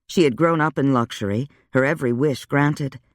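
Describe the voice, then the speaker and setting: Guy reading an audiobook, even measured delivery, mid pitch, dry close sound. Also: dry recording. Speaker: audiobook narrator. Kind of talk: scripted narration.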